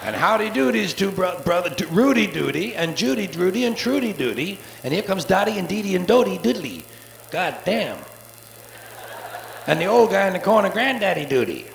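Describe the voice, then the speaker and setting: A man doing a live stand-up routine, profane and sardonic, with rapid-fire wordplay, on a theater stage before an audience. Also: high voice, sing-song, vocal fry. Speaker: stand-up comedian. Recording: echoey live soundboard tape with faint hiss.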